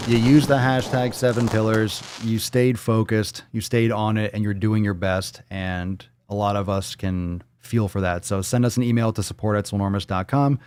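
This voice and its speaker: A man's voice: on the low side, fairly even intonation, normal speed, hardly any pauses, a little mellow, smooth. A man hosting a live fitness stream, chatting casually and bluntly with lots of swearing while he reads out viewer posts. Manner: blunt, profane, playful, jumps into silly voices. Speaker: fitness show host.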